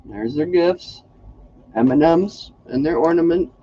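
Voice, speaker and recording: A man's voice: on the high side, lively intonation, unhurried, mellow, highs cut off, a little hiss or hum. A man hosting a casual crafting livestream, chatty and folksy, greeting viewers by name.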